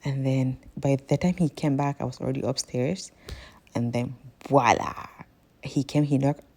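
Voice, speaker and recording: Gravelly low-voiced woman. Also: fairly even intonation, normal speed, warm tone. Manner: chatty, rambling, keeps addressing viewers as guys. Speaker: cooking vlogger. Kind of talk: casual cooking vlog.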